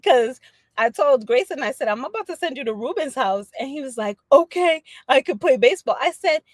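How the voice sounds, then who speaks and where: A woman chatting casually on a livestream, animated and slangy, laughing often as she talks to her viewers. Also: sits high, a little fast, dry recording. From Dominican family background. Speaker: livestream host.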